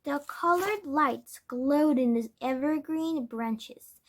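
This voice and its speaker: A woman reading a children's storybook aloud, careful and steady, now and then correcting a word. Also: high voice, slow pace. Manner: careful, with small self-corrections. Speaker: storybook reader. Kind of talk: children's book read-aloud.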